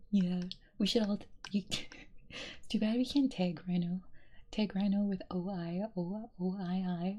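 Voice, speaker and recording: A woman streamer in soft-spoken ASMR stream chat, slipping between whispers and quiet talk and giggling often. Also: fairly low pitch.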